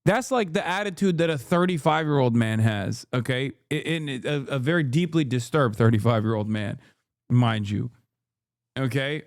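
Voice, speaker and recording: A man's voice: mid-range voice, moderate pace, dry recording, clean studio sound. A man streaming, reacting to a clip in casual, profane commentary, rambling with restarts and asides to his chat.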